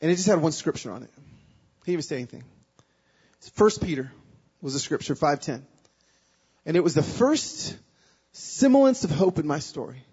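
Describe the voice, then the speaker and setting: High, husky man preaching. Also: sing-song, moderate pace, long pauses, muffled recording. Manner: emotional personal storytelling, swinging from hushed to loud and pleading. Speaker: guest speaker. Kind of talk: sermon.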